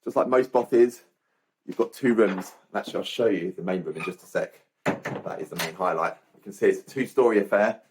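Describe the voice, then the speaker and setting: A man's voice: sits low, brisk, a little mellow, slight background noise. A young man talking chattily and cheerfully to a handheld camera while vlogging a hiking trip, with a self-mocking humour. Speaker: travel vlogger. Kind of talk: hiking travel vlog chat.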